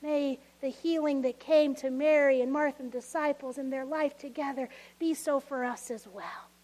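A woman preaching a sermon, expressive and laughing often, acting out voices of people from the story. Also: sits high, normal speed.

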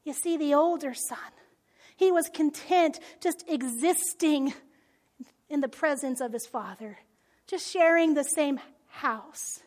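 A woman with a very high voice preaching in a relaxed, conversational way. She is animated and often sinks into a soft near-whisper. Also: slow. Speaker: speaker. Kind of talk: conversational sermon.

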